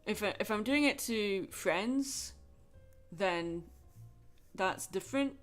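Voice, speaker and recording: A Scottish woman chatting frankly with soft laughs while drawing on a livestream. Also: medium pitch, lively intonation, takes it slowly, soft background music. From Scotland. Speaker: livestreaming artist.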